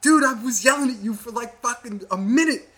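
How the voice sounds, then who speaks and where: A man's voice: very high-pitched, a little fast, pushed and bright, voice pushed up, heavily acted. A man putting on the voice of an exasperated utility truck worker who scolds a driver in disbelief. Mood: incredulous. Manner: incredulous, scolding.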